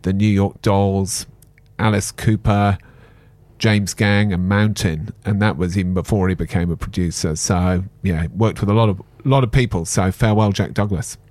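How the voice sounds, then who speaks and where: A male radio co-host with a somewhat low voice, chatting casually and chipping in with short, offhand comments. The studio sound is dry and close to the mic. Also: fairly even intonation, moderate pace, a little mellow, no room sound. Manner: brief, offhand interjections.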